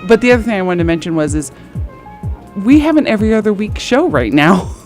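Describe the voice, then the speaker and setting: A woman co-hosting a radio show in casual chat, animated and quick to laugh. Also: medium pitch, soft background music. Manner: animated, chatty, laughs often. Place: college radio studio.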